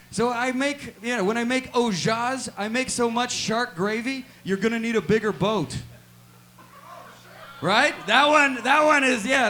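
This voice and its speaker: A man's voice: extremely high pitch, bright, forceful tone. A man doing a rambling, awkward stand-up comedy set at a live music venue, padding his jokes with "check it out" and "right?". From Canada.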